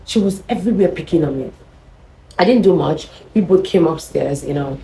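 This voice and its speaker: A young woman telling a personal story to camera in a chatty, animated way, repeating words and adding "you know" as she goes. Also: on the low side, fairly quick, a little hiss or hum. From Nigeria. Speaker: vlogger. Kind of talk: casual storytelling. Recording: echoey room.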